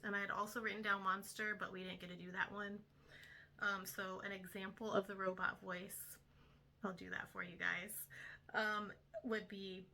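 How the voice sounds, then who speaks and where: A woman's voice: medium pitch, bright, forceful tone. A young woman, a homeschool tutor, casually explaining her week's lessons step by step with frequent ums. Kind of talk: casual instructional talk to camera.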